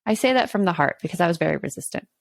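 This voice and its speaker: A woman's voice: fairly low pitch, lively intonation, rapid-fire, vocal fry, no room sound. A woman co-hosting a casual parenting podcast, explaining earnestly with examples from her own home. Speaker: podcast co-host.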